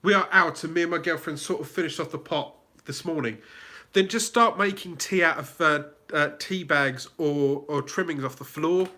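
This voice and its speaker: Speaking at normal speed, this man has a fairly high, pushed and bright voice. He's a southern-accented livestream host from England running a casual live Q&A, chatting, reading the chat aloud, and full of fillers and restarts.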